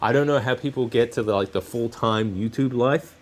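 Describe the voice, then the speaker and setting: This live-stream host talks fairly quickly in a mid-range voice while he crafts, his chatter loose and full of self-corrections. Soft music can be heard faintly behind him.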